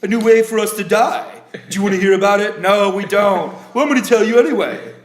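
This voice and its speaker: A man putting on a pompous, overly proper gentleman who is eager to share grim news. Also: sits high, fast talker, echoey room, close to an everyday voice. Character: pompous, doom-obsessed gentleman, adult man.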